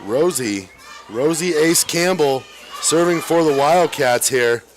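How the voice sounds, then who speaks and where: An excitable man doing live play-by-play for a high school volleyball match. He chats casually with his partner and breaks into quick exclamations as the rallies swing. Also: a faint crowd, a little hiss or hum. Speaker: play-by-play announcer.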